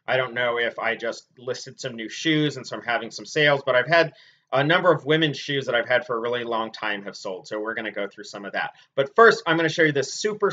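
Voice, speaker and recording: Guy reseller chatting about stuff he sold, bright tense voice, lots of ums, kinda muffled lo-fi audio. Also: mid-range voice. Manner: chatty and relaxed, with frequent ums and uhs. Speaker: clothing reseller. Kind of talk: casual product review vlog. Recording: dull lo-fi sound.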